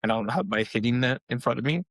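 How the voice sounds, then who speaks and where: A man in his thirties co-hosting a podcast, talking about coaching his kids in casual, animated chat. His voice sits at an ordinary middle pitch, and the sound is dry and close with no room echo. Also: quick pace, creaky. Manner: animated, acts out quotes in a raised voice. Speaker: podcast co-host, youth softball coach.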